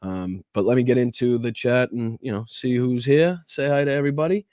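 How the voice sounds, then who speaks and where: A man with a Boston accent chats casually on his live stream, greeting viewers by name in a loose, profane way. He sounds stuffed up and hoarse from a chest cold. The sound is dry, with no room echo. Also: mid-range voice, a little fast, hardly any pauses, a little mellow, dull audio. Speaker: podcast and live stream host.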